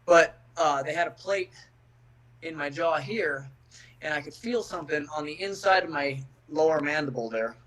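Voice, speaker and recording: Man, middle-aged, slightly higher pitch, blunt, swears a lot, stammering restarts, casual podcast talk. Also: moderate pace, a bit bright, rough recording. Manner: blunt, profane, repeats words when starting sentences. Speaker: guest, MMA fighter.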